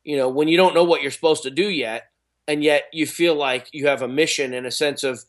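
A man's voice: on the high side, fairly even intonation, fairly quick. A middle-aged man who is an actor and speaker, telling stories in a rambling, casual way, full of restarts and fillers. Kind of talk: casual interview talk.

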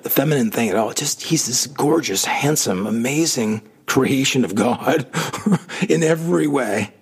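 Raspy guy with some fry telling a heartfelt story, laughs a lot, does the voices. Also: medium pitch. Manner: emotional, animated, laughs often, acts out quotes. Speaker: storyteller recalling his music past. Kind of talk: casual storytelling.

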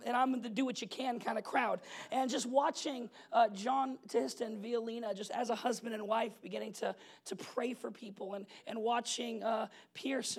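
Male pastor, young adult, husky voice, animated casual sermon, chatty storytelling. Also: extremely high pitch. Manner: animated, conversational, laughs often, asks "you know what I'm saying?".

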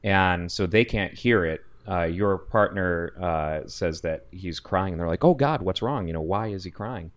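A man's voice: deep voice, unhurried, few pauses. A man on a casual podcast chat, recounting a video game's story in a laid-back way with lots of fillers. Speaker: podcast co-host.

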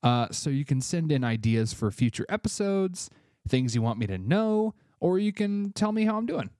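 A man's voice: fairly high pitch, big pitch swings, normal speed, dark tone, no echo, clean studio sound. A man from Tennessee, hosting a casual solo podcast with offhand, chatty asides, a bit congested. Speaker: podcast host.

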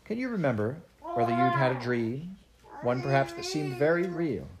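A woman reading aloud voices a kindly male doctor who speaks gently and soothingly. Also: very deep voice, big pitch swings, normal speed, over a noisy crowd, voice pushed up.

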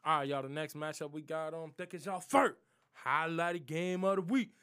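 Young guy, high-pitched, slangy NFL picks vlogger, playful trash talk. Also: normal speed, fairly bright tone, clean tone. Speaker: sports prediction vlogger. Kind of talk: casual NFL picks monologue.

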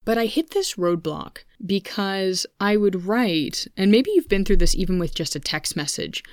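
A woman's voice: medium pitch, lively intonation, normal speed, no echo, studio quality. A woman in her thirties hosting her own podcast, talking candidly and chatting with asides to her listeners, recorded on a microphone at a home computer. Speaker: podcast host. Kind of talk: personal podcast monologue. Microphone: studio microphone at a home computer.

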